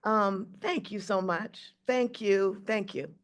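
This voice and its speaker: A woman's voice: mid-range voice, slow pace. A woman in her sixties, a jazz singer and teacher, telling a personal story in a speech, acting out the voices.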